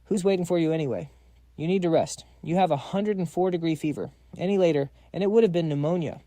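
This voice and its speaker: A man voicing a brisk doctor giving firm orders to a feverish patient. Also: on the high side, warm tone, dry recording, lightly acted.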